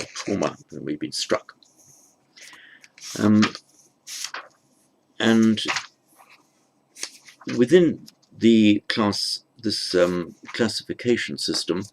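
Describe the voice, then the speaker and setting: A man's voice: lowish voice, gravelly. A man giving a grammar lecture, thinking aloud with fillers and self-corrections. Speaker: teacher.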